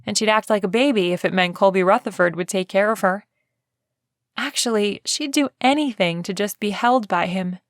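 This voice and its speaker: A woman reading a romance novel aloud, steady and even, pitched in the middle of the range. The studio sound is dead dry with the mic close. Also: fairly quick, few pauses, no room sound. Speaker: audiobook narrator. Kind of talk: scripted audiobook narration.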